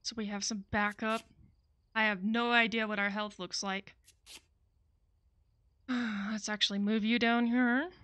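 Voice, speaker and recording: A woman's voice: on the high side, little pitch movement, measured pace, pauses often, a bit bright, no echo. A young woman giving let's-play commentary, frustrated, cursing and talking to the game as she plays. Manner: frustrated, swears often, talks to the game. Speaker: gaming video creator.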